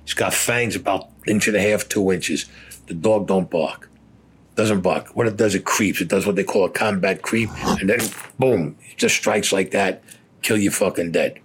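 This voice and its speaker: A man's voice: low voice, moderate pace, a little hiss or hum. An older man, a war veteran, telling a story in an interview in a blunt, profane way, cursing constantly.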